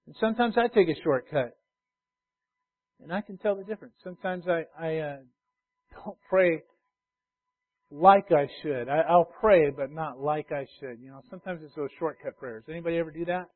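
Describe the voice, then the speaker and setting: A male pastor preaching a sermon, emphatic and repetitive, swinging from loud urging to quiet asides. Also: fairly high pitch, moderate pace. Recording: tinny phone-like sound.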